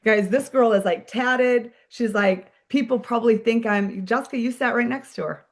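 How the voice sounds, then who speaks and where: A woman leading a team meeting as a sales director, giving an energetic, chatty motivational talk, full of "like" and "friends". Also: on the high side, normal speed.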